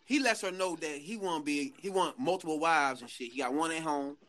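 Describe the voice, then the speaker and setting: A man telling a story in casual chat, animated and laughing, full of slang. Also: a little high, a little fast.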